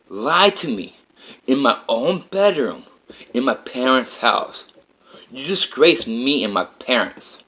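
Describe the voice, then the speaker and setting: A man's voice: mid-range voice, fairly bright tone. A man voicing an angry young woman who scolds and accuses in a raised voice. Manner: furious, accusing.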